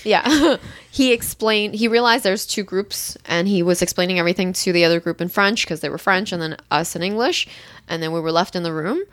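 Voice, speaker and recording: A young woman casually telling a story, acting out quoted lines with a jump in pitch and frequent laughs. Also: a little fast, no echo. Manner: animated, acts out quotes with rising pitch and laughs. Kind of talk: casual chat.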